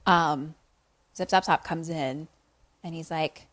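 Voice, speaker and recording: A young woman co-hosts a podcast and recaps a film scene by scene, with a fairly low voice. She is animated and profane, and she slips into the characters' lines. The sound is close and dry. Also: slow, long pauses, no room sound. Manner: animated, swearing, acts out movie lines. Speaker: podcast co-host. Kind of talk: casual movie recap chat.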